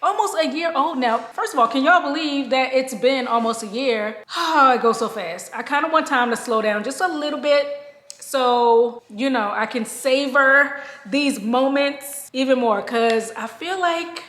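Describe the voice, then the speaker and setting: A woman's voice: sits high, lively intonation, measured pace, fairly bright tone. A woman talking casually to her viewers as a lifestyle vlogger, calling them "y'all" and laughing often as she chats from home. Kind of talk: casual chat to camera. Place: at home, moved from outdoors to indoors. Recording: echoey room.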